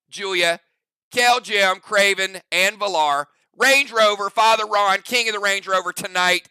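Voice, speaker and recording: Hyped up guy streaming a game, real bright high voice, dry close mic. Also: clean tone, no echo, rough recording. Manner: energetic, hyped, talks to chat. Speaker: livestream game host. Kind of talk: hype livestream chat.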